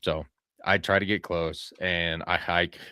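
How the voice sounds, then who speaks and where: Man, very low voice, casual podcast storytelling, rambling, profane, dry close sound. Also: flat delivery, unhurried, pushed and bright, smooth, no echo. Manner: profane, rambling, acts out his own quoted lines. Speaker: podcast host telling a hunting story.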